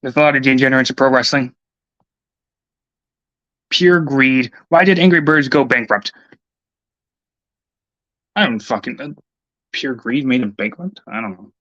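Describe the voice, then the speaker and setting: A man rambles through a casual livestream, cursing and grumbling half to himself. His voice sits at an ordinary middle pitch. The sound is dull and lo-fi and completely dry. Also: a little slow, pauses often, pushed and bright, no echo. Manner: profane, irritable, muttering to himself. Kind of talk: rambling casual stream talk.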